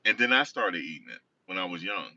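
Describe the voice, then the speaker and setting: A man's voice: deep voice, very animated, a little fast, sharp tone, dry recording. A man casually telling a rambling personal story, often correcting himself. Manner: rambling, self-correcting, conversational. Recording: distant dull lo-fi recording.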